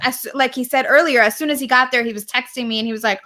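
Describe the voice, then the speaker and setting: Talking fast with few pauses, a high-pitched woman co-hosts a podcast. She's warm and gushing in this heartfelt, casual chat, laughing frequently.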